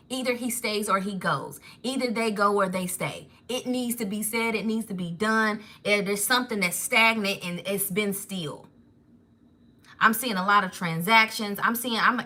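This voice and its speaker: Bright, animated woman reading tarot. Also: mid-range voice. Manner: animated, intuitive, rambling, emotional. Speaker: tarot reader. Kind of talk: live spiritual tarot reading.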